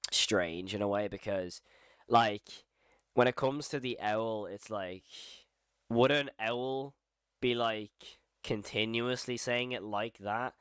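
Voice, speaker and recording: A man with a fairly low, slightly bright, clear and resonant voice hosts a horror channel's casual live reaction stream, recorded in clean studio sound without echo. He thinks aloud as he goes, rambling and repeating phrases.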